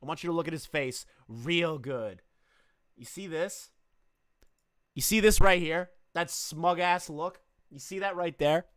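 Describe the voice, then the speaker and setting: Profane, animated man streaming to chat. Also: on the high side, unhurried, dry recording, studio quality. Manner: profane, joking, talks straight to chat. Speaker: streamer reacting to online drama. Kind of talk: casual livestream reaction commentary.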